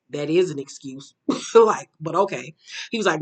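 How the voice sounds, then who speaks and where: A woman's voice: on the low side, lively intonation, fairly quick, a bit bright. A woman hosting a casual reality TV recap, blunt and profane, laughing and acting out the people she quotes. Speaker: reality show recap host.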